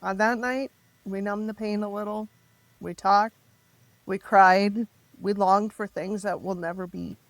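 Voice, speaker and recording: A middle-aged woman telling her story as a podcast guest, raw and emotional, halting and restarting as she speaks. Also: medium pitch, steady tone, dry recording. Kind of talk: candid personal storytelling.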